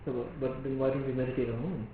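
A preacher gives a devotional lecture in a mid-range, level voice, walking through his points step by step and pausing on rhetorical questions. The hall is very echoey, and the audio sounds thin and phone-like with faint ambient hiss.

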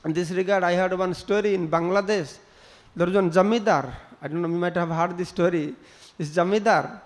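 Male preacher, high pitch, storytelling sermon. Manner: storytelling with acted quotes, non-native English phrasing. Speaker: spiritual teacher.

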